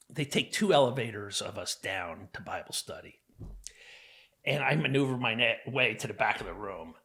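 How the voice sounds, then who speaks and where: A man's voice: lowish voice, vocal fry, pushed and bright. A man from New Jersey, a podcast guest, telling his own life story in a casual, earnest way, full of fillers and acted-out quotes.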